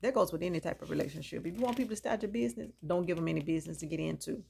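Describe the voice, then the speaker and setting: A woman's voice: on the low side, lively intonation, racing, gravelly, dark tone, slight background noise. A woman chatting through a reality TV episode recap, opinionated and gossipy, talking straight to her viewers. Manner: opinionated, chatty, mixes in reactions. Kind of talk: casual gossipy show recap.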